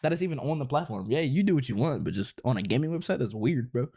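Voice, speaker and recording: A man's voice: mid-range voice, animated, quick pace, warm tone, breathy edge. A man giving an exasperated, profane rant as commentary on online posts, repeatedly incredulous. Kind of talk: ranting commentary on social media posts.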